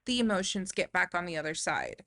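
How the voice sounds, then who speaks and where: A woman's voice: lowish voice, huge pitch swings, a little fast, bright, forceful tone. A woman co-hosting a podcast, recapping a film casually with fillers and restarts. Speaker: podcast co-host. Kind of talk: casual movie discussion.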